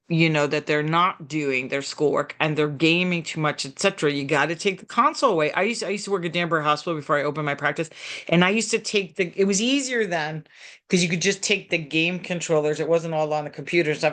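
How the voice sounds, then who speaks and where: Chatty middle-aged woman therapist. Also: lowish voice. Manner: chatty, animated, frequent "like" and restarts. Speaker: therapist in private practice. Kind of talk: conversational advice talk. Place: local community TV program.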